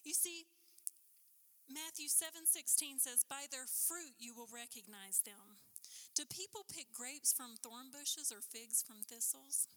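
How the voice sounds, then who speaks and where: High, bright woman preaching in a chapel. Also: unhurried. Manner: rising to impassioned questioning, dropping to hushed emphasis. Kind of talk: sermon. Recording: chapel with long reverb.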